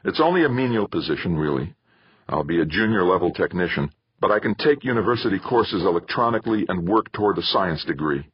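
A man's voice: low voice, sing-song, a little fast, breathy edge, no room sound, muffled recording, exaggerated voice. A man reading an audiobook, voicing an eager young man who pleads with his father.

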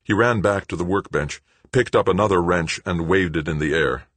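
A man narrating an audiobook in a steady, measured storytelling voice. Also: low voice, no room sound.

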